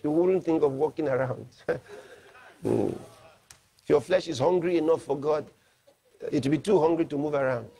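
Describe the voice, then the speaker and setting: A man, a pastor, preaching a sermon with emphasis and slowing down to read scripture aloud. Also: fairly high pitch, mellow, breathy edge.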